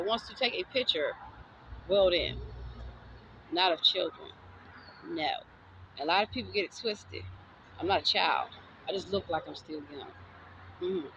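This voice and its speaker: A woman's voice: medium pitch, a bit bright, a little hiss or hum, low-quality recording. A woman from the States, giving a sassy, defiant, preachy motivational monologue. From Southern United States. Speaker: vlogger.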